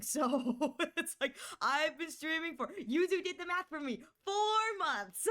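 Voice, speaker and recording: A woman's voice: high voice, expressive, moderate pace, fairly bright tone. A woman streamer chatting casually with her viewers, giggling often, rambling and apologizing with many restarts. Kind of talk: casual chat with live chat.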